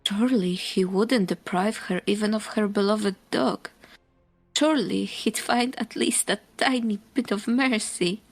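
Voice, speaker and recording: A woman narrating a dramatic fantasy story in a hushed voice that often drops to a whisper. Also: medium pitch, steady tone, measured pace, no echo. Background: faint music.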